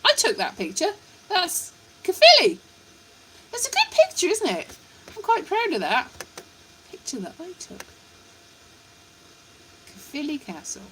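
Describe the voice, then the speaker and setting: A woman's voice: very high-pitched, wildly swooping pitch, unhurried, long pauses, noisy background. A woman rambling in a scatterbrained, chatty way while greeting viewers on a casual live stream. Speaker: livestreamer.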